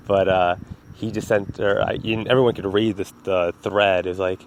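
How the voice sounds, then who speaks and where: Laid-back, low-voiced man rambling on a podcast. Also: flat delivery, moderate pace, a little hiss or hum. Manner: laid-back, rambling, swears freely, laughs at own stories. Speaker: podcast host. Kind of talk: casual solo podcast storytelling. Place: at home.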